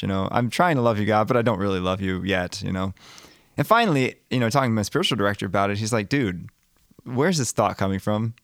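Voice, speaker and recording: Lowish-voiced man hosting, dry sound. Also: expressive, fast talker, fairly bright tone, no echo. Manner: reflective, storytelling. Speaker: podcast host. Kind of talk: casual faith chat.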